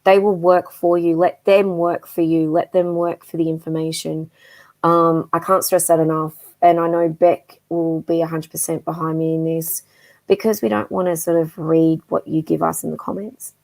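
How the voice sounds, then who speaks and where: Woman, middle-aged, low-ish voice, rambling warm live-stream psychic host. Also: flat delivery, moderate pace, gravelly. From Australia. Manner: chatty and affectionate, calls viewers darling, many ums. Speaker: psychic medium guest host.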